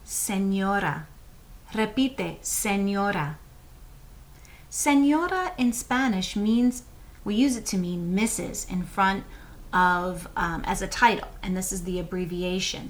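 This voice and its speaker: A woman teaching Spanish words to young students, saying each word slowly and asking the class to repeat it. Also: medium pitch. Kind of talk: slow, clear classroom instruction to children.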